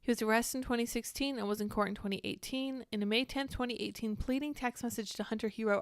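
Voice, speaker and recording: A woman's voice: a little high, fairly even intonation, clean tone, dry recording, clean studio sound. A woman hosting casual political commentary, reading news aloud with candid, sarcastic asides. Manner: candid, sarcastic, quick to react and digress.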